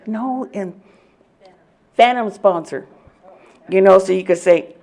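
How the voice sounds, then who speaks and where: Woman from oklahoma sharing her story at a meeting, gravelly, lively, laughs a lot. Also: mid-range voice, takes it slowly. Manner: animated storytelling, laughs often. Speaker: speaker at a recovery meeting. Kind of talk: personal testimony to a group.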